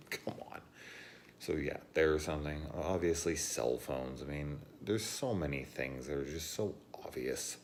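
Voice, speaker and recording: A man telling profane, animated stories in a casual vlog rant, laughing as he goes. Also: rumbling low, normal speed, hardly any pauses, a little hiss or hum. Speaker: horror movie reviewer.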